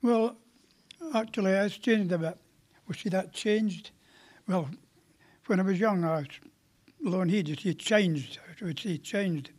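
A man's voice: sits high, measured pace, long pauses, darkish tone. An older man with a Scottish accent, a panel guest chatting modestly and rambling a little.

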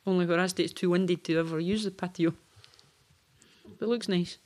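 A woman teacher with a Highland Scottish accent, talking matter-of-factly in a group chat. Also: fairly even intonation, a little fast, darkish tone.

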